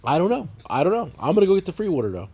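A man with a high, husky voice, spinning a profane, animated story. His pitch swoops up and down as he talks, and he breaks into laughter along the way. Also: very fast. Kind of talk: casual podcast chat.

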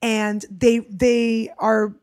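A woman's voice: on the high side, drawn-out words. A woman comedian co-hosting a casual podcast, telling stories and acting out people's voices. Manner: animated storyteller, acts out voices. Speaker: comedian co-host.

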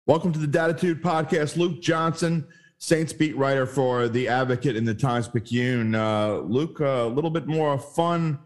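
A man's voice: mid-range voice, steady tone, moderate pace. A man hosting a sports podcast, chatting casually and rambling a little as he talks through the game. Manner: conversational, rambling with restarts. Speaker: podcast host.

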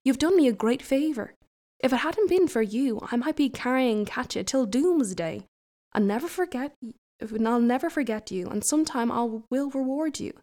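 A woman voicing a weary, complaining male devil disguised as an ordinary man in a folk tale, with a fairly high voice. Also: animated, moderate pace, warm tone. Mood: grateful. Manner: sighing, complaining.

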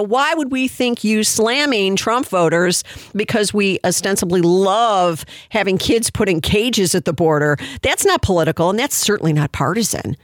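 A man's voice: sits high, expressive, normal speed, fairly bright tone, dry recording, clean studio sound. A man giving mocking, incredulous commentary on a song and reading its lyrics aloud. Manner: mocking, incredulous, laughing asides.

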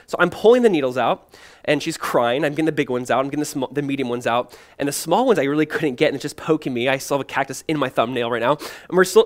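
Young pastor guy, kinda high voice, preaching like he's just chatting, lots of "like" and "you know". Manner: conversational storytelling, many fillers like "like" and "you know". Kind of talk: sermon.

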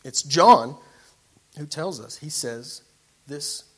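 A man preaching a sermon to a church congregation in a dramatic way, moving from quiet passages to loud ones. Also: on the high side, animated, takes it slowly, husky. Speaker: pastor.

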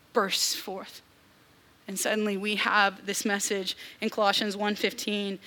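A young woman preaching a sermon, animated, with casual asides and acted-out voices. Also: mid-range voice.

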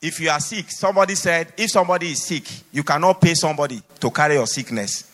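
A man's voice: on the high side, fast, fairly bright tone. A man preaching a sermon in a church, exhorting his listeners with emphatic, repeated phrases. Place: church hall. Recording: long hall reverb.

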